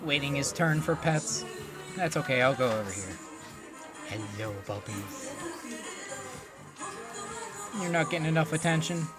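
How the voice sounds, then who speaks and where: A woman's voice: low-pitched, a little fast. A woman streamer reacting casually to a video, gushing and cooing at dogs in baby talk. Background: music.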